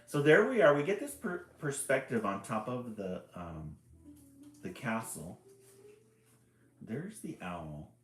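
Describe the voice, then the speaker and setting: A man's voice: medium pitch, very animated, slow pace, pauses often. A man reading a children's book aloud on a live stream, chuckling often and chatting about the pictures. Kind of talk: live read-aloud with commentary. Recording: echoey room with faint ambience.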